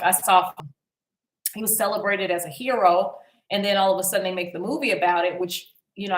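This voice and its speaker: A woman talking casually to her viewers in a slightly low voice, wandering through her points with frequent ums and false starts. The sound carries a noticeable room echo. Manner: rambling, many ums and restarts. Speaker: YouTube commentary host. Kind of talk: casual vlog commentary. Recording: echoey room.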